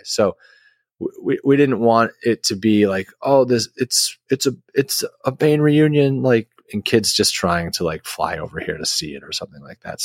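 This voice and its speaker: A man's voice: fairly low pitch, dry recording, clean studio sound. A man who is a guest musician, telling a long story in a casual interview, rambling with many restarts and fillers.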